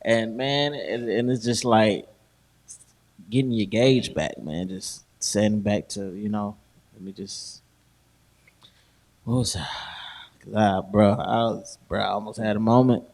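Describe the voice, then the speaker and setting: A man's voice: fairly low pitch, unhurried, pauses often, a little mellow. A man co-hosting a podcast, telling stories in casual chat with slang, laughing often and acting out what people said. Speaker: podcast host.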